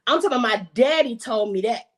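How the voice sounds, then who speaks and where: A woman's voice: fairly high pitch, lively intonation, quick pace. A woman telling a personal faith story on a podcast, emphatic and repeating phrases for emphasis. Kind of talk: casual faith testimony on a podcast.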